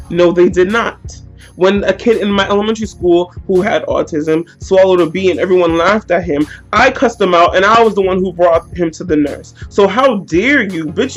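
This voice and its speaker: A young woman telling a heated, slangy story in a storytime vlog. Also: on the low side. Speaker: vlogger.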